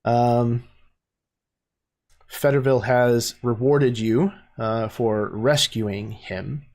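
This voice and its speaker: A man narrating a tabletop game as game master, his pace slow and unhurried. He hesitates a lot, filling gaps with ums and likes as he paints the scene. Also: medium pitch. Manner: hesitant, many fillers.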